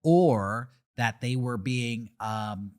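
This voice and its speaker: A man's voice: mid-range voice, extremely slow, smooth. A man co-hosting a podcast in casual chat, teasing his partner and telling stories. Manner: animated, teasing, storytelling. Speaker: podcast co-host.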